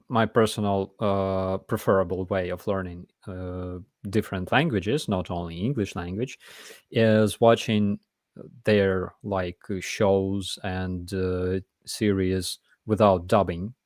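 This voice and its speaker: A man's voice: deep voice, fairly even intonation, slow pace, dry recording, studio quality. A man, hosting a casual live chat and talking in a blunt, emphatic way. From Ukraine. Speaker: host.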